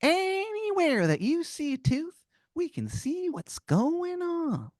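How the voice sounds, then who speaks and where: A man voicing a grinning cartoon tooth creature who tempts with high, wheedling promises. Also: huge pitch swings, slow, a little mellow, no echo, clean studio sound, heavily acted.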